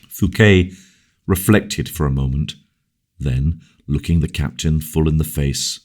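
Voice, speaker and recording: A man narrating a classic novel in a measured, deliberate audiobook reading. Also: extremely low pitch, a little mellow. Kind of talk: scripted narration.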